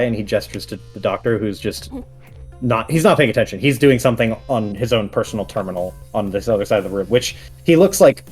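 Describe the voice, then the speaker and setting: A man's voice: fairly low pitch, animated, a little fast, a little mellow, breathy edge, soft background music. A man running a tabletop game as game master, narrating in a casual, chuckling way full of fillers.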